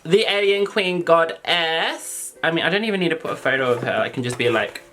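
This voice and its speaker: An Australian man chatting excitedly to camera as a makeup vlogger, gushing over products. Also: on the high side, fairly quick, faint music behind. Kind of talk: casual chat to camera.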